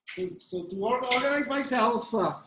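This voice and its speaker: Over heavy background noise, a mid-range voice at a moderate pace walks through a live cooking demonstration step by step. The pastry demonstrator speaks hesitantly, with lots of fillers and restarts.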